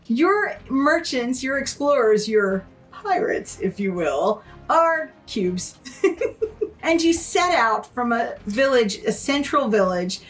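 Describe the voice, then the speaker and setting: Brief: middle-aged woman host, high voice with a lively swooping lilt, playful and giggly, unhurried delivery. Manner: giggly, playful, slipping into pirate talk. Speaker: board game podcast co-host. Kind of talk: casual review chat.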